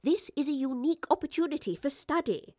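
A woman voicing an eccentric, brisk female professor in an audiobook. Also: sits high, lively intonation, mellow, no echo, studio quality, voice pushed up.

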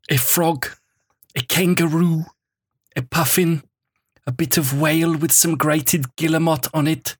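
A man doing a hoarse, German-accented impression of a grave older documentary narrator, reading a column aloud for comic effect. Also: on the high side, no room sound, heavily acted. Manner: slow, grave, oddly strident reading.

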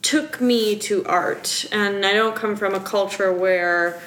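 A woman's voice: medium pitch, slow pace, a bit bright. A woman in her thirties from Wisconsin, a guest on a casual interview podcast, telling stories in a chatty, rambling way and laughing easily. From Madison, Wisconsin, US. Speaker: guest, art curator. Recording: roomy room echo.

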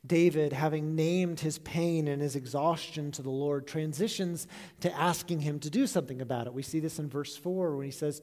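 A man preaching with an earnest, reflective tone, his voice sitting a little high for a man. He lets phrase endings fall soft and quiet. The sound carries a long echo from a large hall. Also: fairly even intonation, moderate pace. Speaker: pastor. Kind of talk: sermon.

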